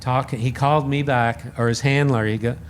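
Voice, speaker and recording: A man guest on a podcast, telling a story in a casual, animated and self-deprecating way, acting out the voices he quotes. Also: medium pitch, brisk, a little hiss or hum. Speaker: podcast guest, radio host.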